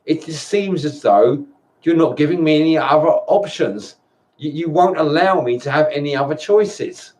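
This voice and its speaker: A man in a personal video monologue, tired and upset, talking in halting bursts with repeated words and frequent swearing. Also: a little high, darkish tone. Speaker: vlogger. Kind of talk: emotional personal monologue to camera.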